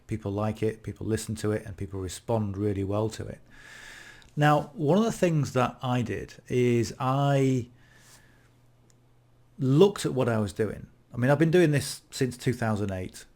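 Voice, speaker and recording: A man's voice: mid-range voice, darkish tone. Chatty British man talking to camera. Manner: conversational, restarts often, self-reflective. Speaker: affiliate marketing vlogger. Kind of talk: casual talk to camera.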